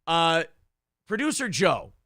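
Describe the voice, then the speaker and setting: A man's voice: fairly high pitch, big pitch swings, slow pace, sharp tone, no room sound, studio quality. A man hosting a casual podcast, telling stories animatedly and slipping into funny voices for the people in them. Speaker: podcast host.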